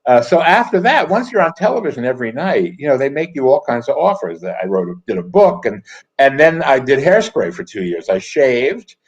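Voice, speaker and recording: A man's voice: mid-range voice, big pitch swings. Older male guest, wry raconteur, dull lo-fi sound, casual interview storytelling. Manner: anecdotal, wry, quick asides with laughs. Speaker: guest, comedy writer and actor. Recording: dull lo-fi audio.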